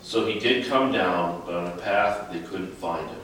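Man, low voice, casual Bible study leader questioning the group, echoey room, heard from a distance. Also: moderate pace, a bit bright, a little hiss or hum. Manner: asks the group questions, conversational. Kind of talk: informal Bible study teaching. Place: church room.

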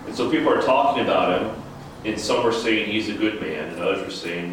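A man's voice: lowish voice, a little fast, a little hiss or hum. A man leading an informal Bible study, asking his group questions in a conversational way. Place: church room. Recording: echoey room, from far off.

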